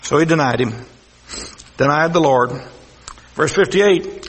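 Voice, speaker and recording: A man with a Texas accent preaching a sermon as pastor, folksy and swinging from loud to hushed. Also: on the high side, measured pace, long pauses. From South Texas. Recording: echoey hall reverb.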